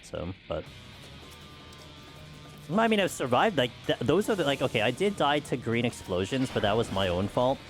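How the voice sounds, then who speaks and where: Over soft background music, a man from the United States chats casually with viewers while playing a game. His mid-range voice is sing-song, his pace moderate with frequent pauses, and his rambling talk is packed with "like" and "you know."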